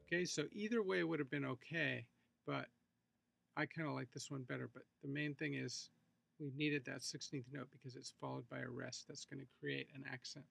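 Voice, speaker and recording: A man talking through a drum notation tutorial in a relaxed, explanatory way, thinking aloud as he works. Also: mid-range voice, normal speed, vocal fry, slightly rough. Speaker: music instructor. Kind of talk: screencast tutorial walkthrough.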